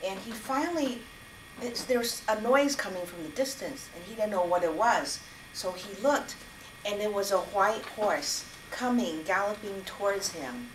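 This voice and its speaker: A woman continuing an improvised story for a speaking club, gentle and a little halting. Her mid-pitched voice sounds distant and echoey, with clear background noise. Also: lively intonation. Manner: gentle, with fillers and restarts. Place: meeting room.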